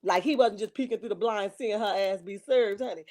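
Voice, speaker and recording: A woman hosts a casual gossip livestream, reading viewers' comments aloud, calling them honey and baby, and acting out dramatic quotes. Her voice is medium-pitched and brisk, with a darkish tone.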